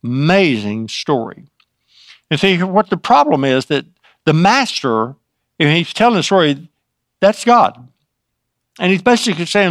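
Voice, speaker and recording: A man's voice: a little high, animated, measured pace, fairly bright tone, no room sound, studio quality. A man teaching from the Bible in an informal way. He adds his own asides as he retells scripture.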